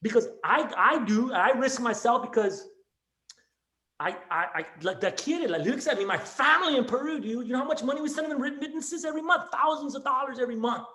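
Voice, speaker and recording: A man's voice: very high voice, a little fast, sharp tone, reverberant. A man who teaches elementary school, speaking with raw emotion in a class discussion on a video call, rambling, restarting and peppering his talk with "man" and "dude".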